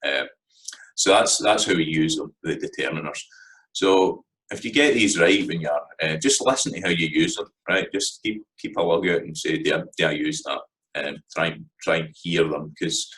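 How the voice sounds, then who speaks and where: A man with a Scottish accent giving a casual spoken lesson, relaxed and hesitant, with many fillers and restarts. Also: rumbling low, poor audio. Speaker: language teacher.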